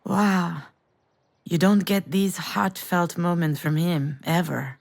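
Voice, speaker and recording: A woman's voice: fairly low pitch, steady tone, slow pace, creaky. An actress playing a young woman in a visual novel, speaking in a dry, sardonic manner. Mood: wry. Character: young woman, wry and guarded daughter. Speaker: game character.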